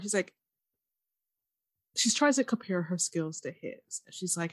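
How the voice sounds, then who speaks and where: Animated woman recapping a show. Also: on the low side, no room sound, studio quality. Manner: animated, acts out characters' lines in quick impressions. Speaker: podcast co-host. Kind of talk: casual episode recap chat.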